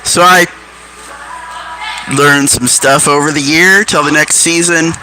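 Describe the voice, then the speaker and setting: A man's voice: a little high, fairly even intonation, takes it slowly, rough recording. A man casually telling rambling stories and musing aloud, offhand and profane. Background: music.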